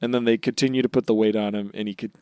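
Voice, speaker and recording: Low-voiced man joking through a recap. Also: fairly even intonation, rapid-fire, darkish tone, clean tone, no echo, studio quality. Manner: jokey, acts out characters' lines mid-recap. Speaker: podcast co-host. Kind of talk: casual chat recapping episodes.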